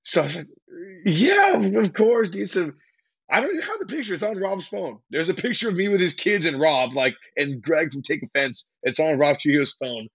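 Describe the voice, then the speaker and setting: Rambling, gravelly young man, lo-fi. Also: on the high side, fairly quick, no room sound. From California. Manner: rambling, slangy, excitable storytelling. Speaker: hardcore band vocalist, podcast guest. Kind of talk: casual interview chat.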